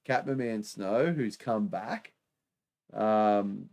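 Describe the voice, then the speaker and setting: Livestream host: Australian man, low gravelly voice, chatty, easy laugh. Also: slow, a little mellow. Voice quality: chatty, laughs often, many fillers. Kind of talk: casual live-stream chat reading comments.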